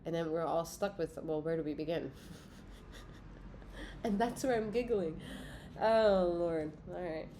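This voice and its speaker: A congested woman with a low, mellow voice lays out tarot cards for her viewers in a loose, cursing, giggly way. Her speech is casual and unscripted, as if she is chatting straight to camera. A faint hiss of background noise sits under her voice. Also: a little slow, long pauses. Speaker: tarot reader. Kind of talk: casual spiritual reading, talking to viewers.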